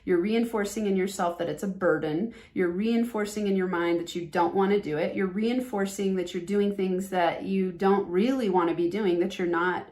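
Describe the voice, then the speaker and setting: A woman's voice: medium pitch, steady tone, normal speed, few pauses, a little mellow. Emphatic woman hosting a motivational podcast. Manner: earnest, emphatic, acts out example phrases. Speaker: podcast host and business coach.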